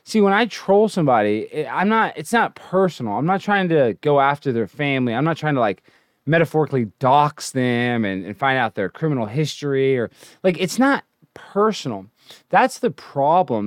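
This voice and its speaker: A man's voice: medium pitch, normal speed, dry recording, clean studio sound. A man hosting his own livestream, rambling and ranting casually between hyped announcements. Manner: rambling, animated, hyped intro then ranting. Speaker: livestream host.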